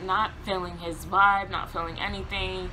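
A young woman vlogger telling a casual storytime, animated, laughing often and acting out quotes. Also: medium pitch, moderate pace, noisy background.

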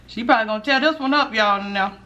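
A middle-aged woman hosting a mukbang at home, chatting casually with viewers while eating and sometimes dropping to a hushed voice. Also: a little high, fast, lo-fi sound, a little hiss or hum. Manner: chatty, talks while chewing, drops to a hushed voice for gossip. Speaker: mukbang host.

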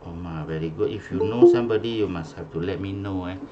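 A man's voice: deep voice, fast, lo-fi sound, music in the background. A man with a Malaysian English accent teaching an online class, mixing English and Malay, calling out names and often ending with a questioning "eh?". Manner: mixes English and Malay, repeats names, ends with "eh?". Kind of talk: online class roll call. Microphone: video call.

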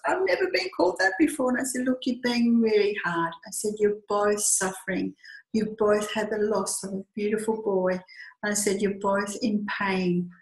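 Woman storyteller, heartfelt and conversational, mid pitch, echoey room. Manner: heartfelt, lively retelling with hesitations. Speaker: storyteller recounting a pilgrimage walk. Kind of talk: personal anecdote, conversational.

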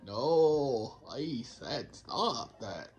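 A man giving excitable let's play commentary, laughing and scolding himself often. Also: mid-range voice, very slow. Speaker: gamer.

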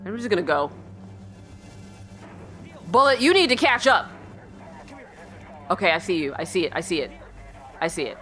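Female let's-play host, bright tone, very animated delivery, jumpy and chatty while playing horror. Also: on the low side, normal speed, pauses often, soft background music. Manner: jumpy, yelps and shrieks, then drops to a hushed mutter; talks to her in-game dog.

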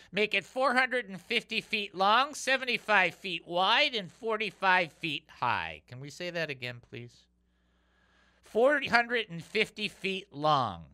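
Guy on a call-in show, very bright voice, bounces all over in pitch, cracking jokes. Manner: animated and joking, reads scripture aloud. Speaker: radio host. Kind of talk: call-in radio and Bible teaching.

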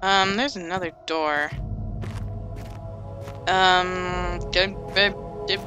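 A woman explores a game with game music in the background, chatting, muttering and humming in casual let's play style. She speaks very slowly in a steady voice on the low side.

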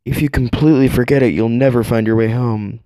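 A man voicing a calm, reassuring young male spirit in a comedic fan dub, close to his own voice. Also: mid-range voice, a little fast, no room sound, natural voice. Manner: calm, reassuring, matter-of-fact.

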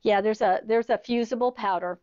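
Middle-aged woman, sewing teacher on a video call, higher voice, chatty storyteller, dry slightly dull mic. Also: fairly quick, darkish tone. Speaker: sewing instructor. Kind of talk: online sewing class demonstration.

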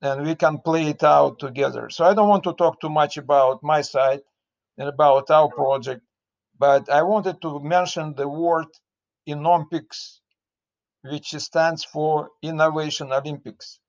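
A man with a Russian accent interviewing a guest in a slow, searching online chat, often restarting his sentences. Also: fairly high pitch, steady tone, creaky. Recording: dull lo-fi audio.

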